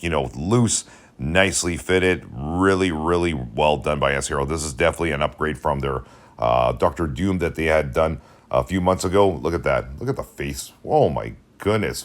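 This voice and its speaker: A man doing a casual voice-over for a toy review, gushing with enthusiasm and talking straight to his viewers. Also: rumbling low.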